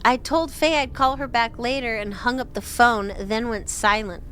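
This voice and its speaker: A woman's voice: fairly high pitch, fairly even intonation, moderate pace, fairly bright tone, a little hiss or hum. Young woman reading a horror story. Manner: reads with giggling asides and swearing. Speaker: story reader.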